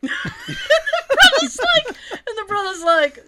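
A woman chatting casually, telling an animated story and acting out the people in it, laughing often. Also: sits high, normal speed, very noisy. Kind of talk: casual chat.

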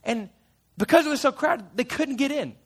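A man's voice: very high voice, lively intonation, moderate pace, a bit bright. A man playing a chatty fisherman disciple. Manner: chatty and playful, with laughs and side remarks. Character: folksy fisherman disciple retelling his memories. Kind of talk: first-person character storytelling to a church group.

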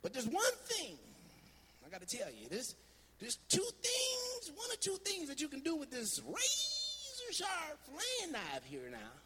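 A preacher doing a high-pitched Southern grandpa. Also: male voice, slight background noise, exaggerated voice. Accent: Southern US twang. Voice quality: high-pitched, voice rising when excited. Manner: folksy, drawn-out warning. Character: older Southern grandfather, fisherman, stern and fond.

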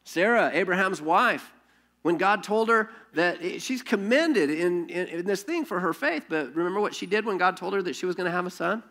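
Animated storytelling pastor, man. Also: high voice, normal speed. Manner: animated storytelling with frequent restarts and rhetorical questions. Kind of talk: sermon.

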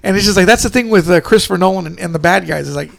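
Man, high-pitched, gravelly, casual podcast chat, rambling, laughs a lot. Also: very fast, no echo. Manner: rambling, laughs often, acts out movie lines. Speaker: podcast co-host.

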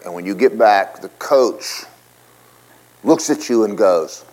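A man preaching a sermon as a pastor, with an animated, joking way of talking. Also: lowish voice, takes it slowly, long pauses, poor audio.

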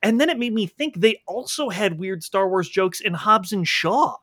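Podcast co-host, man, bright and lively delivery, dry close sound, swears freely while riffing on a film. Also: sits high, moderate pace, no room sound. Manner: animated, profane, acts out reactions. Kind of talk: casual movie review chat. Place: indoors at home, rain outside.

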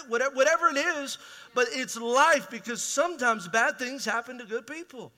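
A middle-aged man preaching in a big hall, his bright, high voice carrying a long reverb. He talks raw and plainly, tossing rhetorical questions to the congregation. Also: lively intonation, brisk. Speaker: pastor. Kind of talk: sermon.

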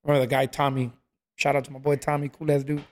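A man's voice: medium pitch, fast. A man telling stories in a casual chat, acting out what people said. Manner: animated storyteller, acts out quotes, says "bro" a lot.

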